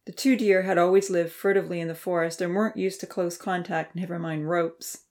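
Woman narrator, lowish voice, steady storybook reading, measured. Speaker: audiobook narrator.

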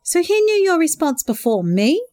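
A woman voicing a gentle, tender young man who speaks warmly and asks curious questions. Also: a little high, lively intonation, normal speed, no room sound, lightly acted.

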